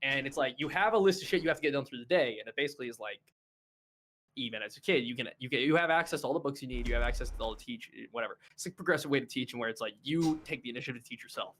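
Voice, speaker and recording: A man in his twenties, a podcast co-host telling a story in casual chat with animated, profane delivery. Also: mid-range voice, very fast.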